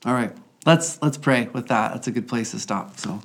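A host with a voice at a middle pitch, calm and affirming. The host listens with soft murmurs and then leads a closing prayer. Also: moderate pace, vocal fry. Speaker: podcast host leading prayer. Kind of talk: conversational faith talk and prayer.

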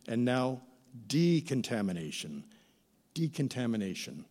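Expressive middle-aged male pastor in a hall. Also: medium pitch. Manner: expressive, theatrical emphasis with voiced quotes. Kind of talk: sermon. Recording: reverberant church hall.

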